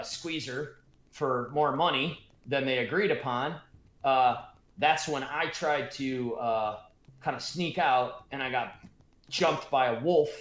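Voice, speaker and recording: Man voicing a jittery, halting dwarf, low-key, roomy sound. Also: fairly bright tone. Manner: halting, filler-laden dwarf voice. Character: worried confused male dwarf prisoner.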